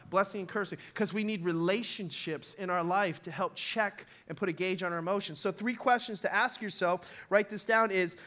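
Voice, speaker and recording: Bright, high-voiced animated male pastor. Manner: animated, conversational, acts out quick voices. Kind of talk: sermon.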